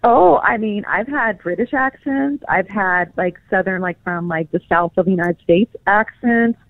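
A woman's voice: medium pitch, moderate pace, no room sound. A woman from California, a guest on the phone, chatting casually with many fillers and easy laughs. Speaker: pet psychic guest. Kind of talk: casual interview chat. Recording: tinny phone line.

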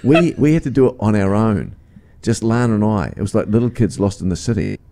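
A man's voice: lowish voice, sing-song, fairly quick, warm tone, faint music behind. A man hosting a breakfast radio show, joking and laughing with his co-host. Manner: jokey, laughs often.

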